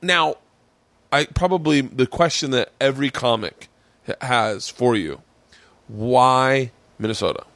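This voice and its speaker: A man's voice: mid-range voice, measured pace, dry recording. A man hosting a podcast, telling stage stories in casual chat, swearing freely and acting out other people's voices. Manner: animated, profane, acts out voices in his stories. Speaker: podcast host and comedian.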